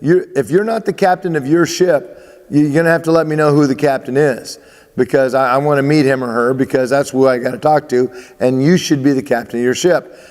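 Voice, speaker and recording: A male baseball coach speaks emphatically to his athletes, hammering each point home by repeating phrases and sometimes restarting. His voice is at an ordinary middle pitch, fairly even in intonation, brisk and a little mellow. The room gives a long, lingering reverb.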